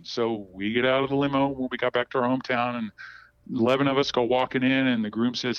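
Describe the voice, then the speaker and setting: A man's voice: medium pitch, fairly even intonation, fast, smooth, no room sound. A middle-aged man telling long personal stories as a podcast guest, rambling with many restarts. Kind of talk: casual storytelling. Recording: dull, dry, lo-fi sound.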